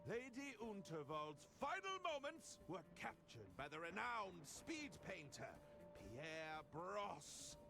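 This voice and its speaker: A grandiose self-styled detective in a video game, speaking high and with lively, swooping lines over clear game music. He carries an odd, hard-to-place foreign accent and a pompous, theatrical manner. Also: slow pace, exaggerated voice. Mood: grandstanding.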